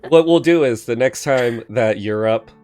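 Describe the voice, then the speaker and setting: A man's voice: mid-range voice, normal speed, darkish tone. A man hosting a podcast, joking casually with his guest. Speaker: podcast host.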